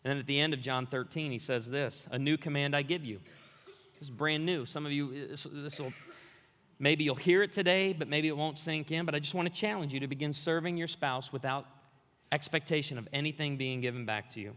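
A man preaching a sermon with a high, bright voice that rings through a long reverberant hall. He tells humorous stories and builds to energetic challenges. He sounds like a pastor addressing a congregation. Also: fairly quick. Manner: storytelling with humor, rising to energetic exhortation.

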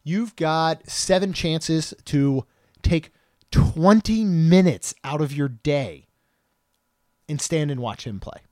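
A man's voice: a little high, animated, slow, warm tone, no room sound, studio quality. A man in his thirties co-hosting a podcast, chatting casually and joking, rambling with frequent restarts. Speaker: podcast co-host.

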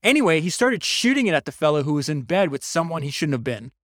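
Energetic man retelling a book, dry sound. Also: a little high, dry recording. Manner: energetic storyteller, quick asides and restarts. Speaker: podcast host reviewing a biography. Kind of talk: casual book summary.

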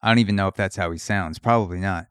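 A man's voice: low-pitched, fast, clean tone, no echo, studio quality. A young man hosting a comedy podcast, ranting crudely and riffing through mock voices for his bits. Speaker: podcast host.

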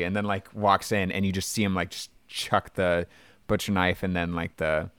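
Man, low voice, dry close sound, chatty film talk with plenty of filler words. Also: normal speed, clean tone, no echo. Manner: chatty, animated, lots of fillers. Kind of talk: casual film discussion.

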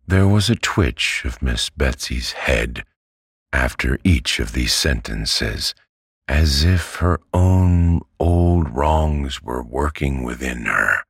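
A man with an extremely deep, gravelly, husky voice reads a classic novel as a bedtime story. He speaks slowly and evenly, and the close, dry recording has no room sound. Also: fairly bright tone, dry recording. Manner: slow, measured, soothing delivery. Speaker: audiobook reader.

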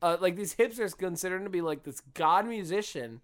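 A man's voice: high voice, brisk. A man co-hosting a podcast in casual chat, blunt and profane, ranting about music. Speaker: podcast co-host.

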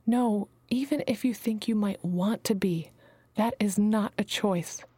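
A woman's voice: medium pitch, unhurried, dark tone, husky, no room sound. A woman voicing a motherly female healer who calls everyone her babies, speaking soothingly and sometimes dropping to a whisper, in a dry recording. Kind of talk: audiobook character reading.

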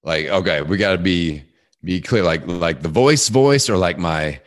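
Man, very low deep voice, dry close sound, animated storyteller, podcast guest. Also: a little slow, dry recording. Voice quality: deep, big voice. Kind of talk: casual interview talk.

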